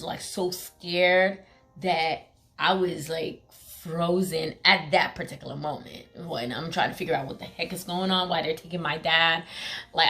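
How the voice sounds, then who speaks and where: A woman's voice: on the low side, sharp tone. A young woman telling a personal story in a casual vlog, talking with lots of "like" and filler words. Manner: emphatic, heavy use of "like" and fillers; acts out quoted pleas in a raised voice.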